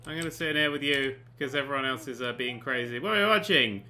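A man giving sarcastic, excitable commentary while playing a life simulation game, often swearing and bursting into panicked shouts. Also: medium pitch, quick pace. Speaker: gaming channel host. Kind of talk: comedic let's play commentary.

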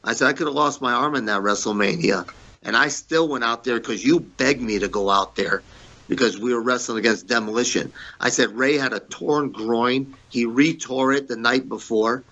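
A man's voice: medium pitch, moderate pace, sharp tone, highs cut off. A middle-aged man, a former pro wrestler, telling blunt, profane backstage stories in a shoot interview, acting out both sides of old arguments.

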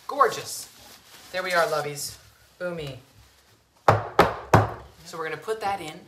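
A woman's voice: fairly low pitch, echoey room, background noise. A woman hosting a home cooking show, chatting casually and gushing, calling her viewers sweetheart and lovies. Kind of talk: casual cooking demo chat. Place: home kitchen.

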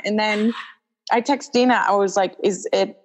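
Animated young woman telling a story. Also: mid-range voice, normal speed, poor audio. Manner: animated, acts out quoted dialogue, many "like" fillers. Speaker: guest, wrestler. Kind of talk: casual storytelling in an interview.

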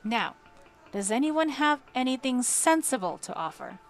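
A woman's voice: high voice, sing-song, a little slow, voice pushed up, heavily acted. A small but commanding male leader, read by a woman narrating an audiobook, firm and authoritative. Faint music sits underneath. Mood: stern.

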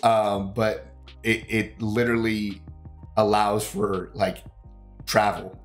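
A man's voice: fairly low pitch, level tone, slow pace, soft background music. A man with a sick, congested voice chatting casually as a co-host of a movie reaction, rambling with lots of fillers and casual swearing. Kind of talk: casual chat.

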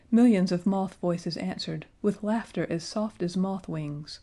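Mellow low-voiced woman narrator. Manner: measured, gently expressive. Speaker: audiobook narrator. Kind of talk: scripted storybook narration.

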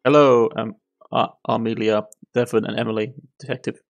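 A man's voice: medium pitch, fairly even intonation, normal speed, gravelly, lo-fi sound, close to an everyday voice. A man reading as a prim talking robot. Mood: deadpan. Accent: Cornish. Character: stiff talking camp robot, literal.

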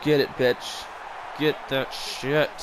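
A man playing a football video game, swearing a lot and reacting nervously and excitedly to every play. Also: mid-range voice, slow, background noise. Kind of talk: casual gameplay commentary.

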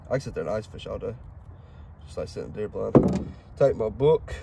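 A man's voice: lowish voice, animated, normal speed, creaky. A man in his twenties with a thick Southern accent, chatting in a folksy, rambling way with lots of fillers as he cleans a duck outdoors by his truck. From Mississippi. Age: 20s. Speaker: hunting guide. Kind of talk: casual talk while cleaning a duck. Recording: outdoor recording with faint background noise.

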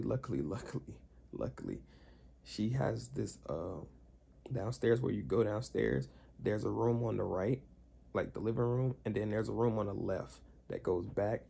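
Lowish, creaky, and husky, this young male vlogger's voice carries a casual story told to camera. He uses heavy slang and animatedly acts out the other people's quotes.

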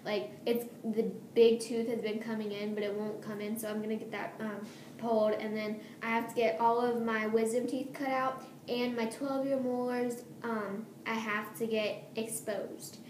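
A woman's voice: a little high, flat delivery, normal speed, darkish tone. A nervous teenage girl rambling casually about her upcoming surgery, giggling often and drifting off topic, recorded in a room at home. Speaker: vlogger. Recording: echoey room, faint hiss.

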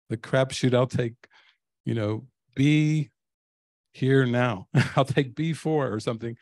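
A man's voice: mid-range voice, no echo. An older man, a spiritual teacher, telling stories to a live audience and laughing often. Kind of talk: storytelling talk to a live audience.

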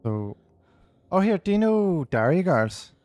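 A man's voice: sits high, very animated, measured pace, darkish tone, no room sound. A man chatting casually while playing a horror game with a friend, joking, laughing and riffing on TV shows. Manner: jokey, laughing, quotes TV shows in funny voices. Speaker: let's play co-host. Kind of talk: casual gaming chat.

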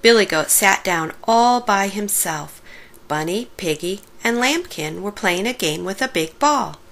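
Lady reading a kids picture book, slow and lively, bright voice. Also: mid-range voice. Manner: slow, warm-paced expressive reading. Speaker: storybook reader. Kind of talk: children's story read-aloud.

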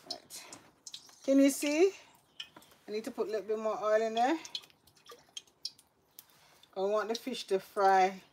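A woman's voice: fairly high pitch, slight background noise. A woman with a Jamaican accent, chatting casually while she fries fish in her backyard garden. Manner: chatty, laughing, Jamaican patois phrasing. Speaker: cooking vlogger. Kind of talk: casual cooking vlog chat. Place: backyard garden under a shelter in the rain.

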